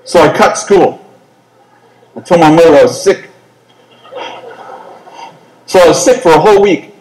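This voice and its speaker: A male preacher telling a story in an animated, self-mocking comic way during a sermon. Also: fairly high pitch, unhurried, reverberant, rough recording.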